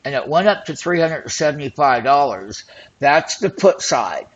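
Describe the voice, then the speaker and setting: A man hosting an options trading show, talking excitedly and boastfully as he walks through call and put charts. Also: a little high, moderate pace, muffled recording. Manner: excited, boastful, hype-driven patter. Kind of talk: screen-share trading commentary.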